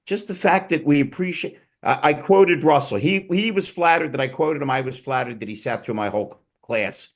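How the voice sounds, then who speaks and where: A man's voice: a little high, moderate pace, hardly any pauses. A man hosting a casual panel chat, teasing his guests and telling digressive, joking stories. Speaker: host.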